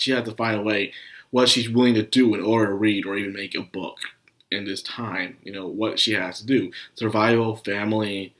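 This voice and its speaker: A young man casually reviewing an anime episode, animated and cursing, sick with a cough. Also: on the low side. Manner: animated, swears and laughs, acts out scenes.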